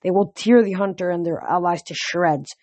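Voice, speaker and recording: A reader voicing an irritable, commanding male villain general who barks orders and sneers, a bit higher and louder than their own voice. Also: moderate pace, no echo, natural voice. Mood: gloating. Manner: barking orders, scornful.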